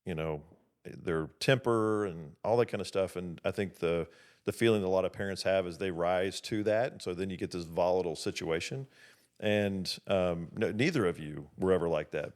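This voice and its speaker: Low-voiced man, playful podcast host. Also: a little mellow, smooth. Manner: playful, joking, reflective. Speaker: podcast host interviewing his parents. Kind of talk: casual family conversation.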